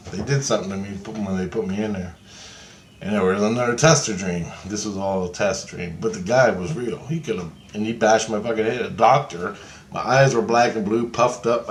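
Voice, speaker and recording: A man's voice: lowish voice, steady tone, moderate pace. Profane man rambling through a dream story. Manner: profane, rambling, acts out quotes. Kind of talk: casual storytelling about a dream. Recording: echoey room with faint background noise.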